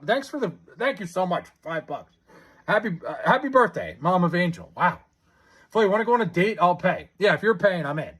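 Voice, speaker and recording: A young live-streamer with a high, husky voice speaks at normal speed. He chats casually and reads viewer comments, excitable and stammering, often restarting.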